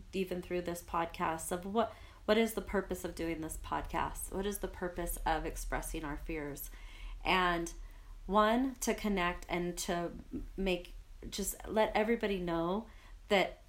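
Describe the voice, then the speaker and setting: Earnest low-voiced woman podcast co-host. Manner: earnest, reflective, speaks of spirit and purpose. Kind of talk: casual personal chat.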